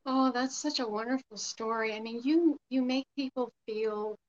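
A woman's voice: fairly high pitch, normal speed. Encouraging woman interviewer, dull audio. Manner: encouraging, many short affirmations. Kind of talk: casual interview.

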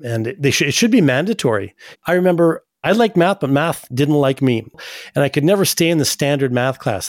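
A man's voice: mid-range voice, darkish tone, dry recording, clean studio sound. A man hosting a radio show, chatty and anecdotal, with frequent asides. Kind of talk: casual radio talk.

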